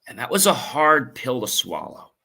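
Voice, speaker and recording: A man hosting a podcast, telling a painful personal story in an earnest, emotional, halting way with many fillers. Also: medium pitch, big pitch swings, vocal fry, bright, forceful tone. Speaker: podcast host.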